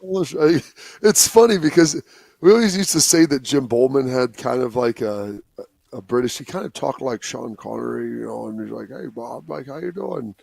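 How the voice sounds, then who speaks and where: A man in his forties, a former football player, remembering a late friend on a talk show, telling stories with quick quoted voices. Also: mid-range voice, creaky, no echo. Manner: storytelling, animated, slips into quoted voices.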